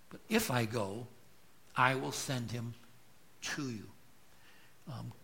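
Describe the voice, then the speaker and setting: A pastor preaching a sermon with emphatic rhetorical questions, his loudness swelling and dropping. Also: mid-range voice.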